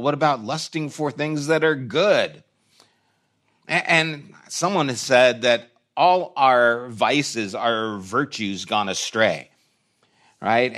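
A man's voice: medium pitch, a bit bright. A man preaching a sermon in a church, reflective and conversational, with short restarts. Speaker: pastor.

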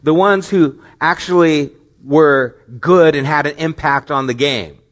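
A man's voice: fairly high pitch, unhurried, a bit bright. A middle-aged man preaching a sermon as pastor, earnest and questioning, with rising emphatic stretches.

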